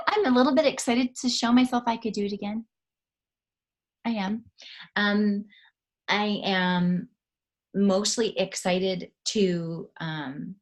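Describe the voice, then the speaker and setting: Excitable woman in casual chat. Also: medium pitch. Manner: excitable, animated, laughs often. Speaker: guest.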